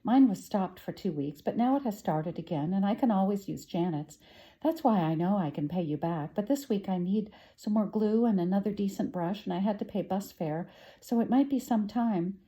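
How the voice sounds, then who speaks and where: An earnest, old-fashioned young boy from a storybook, coaxing and a little anxious, as a woman reading aloud puts him on. His voice sits higher than the reader's own, with a warm softness. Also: lively intonation, normal speed, lightly acted, low-quality recording.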